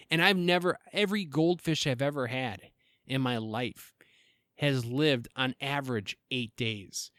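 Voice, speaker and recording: A man talks alone into a close mic for his podcast, wandering from tangent to tangent with crude jokes and stumbling restarts. His voice sits at an ordinary pitch for a man and sounds dry, with no room around it. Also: moderate pace, a bit bright, no echo. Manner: rambling, self-interrupting, profane and joking. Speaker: podcast host. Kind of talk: casual solo podcast monologue.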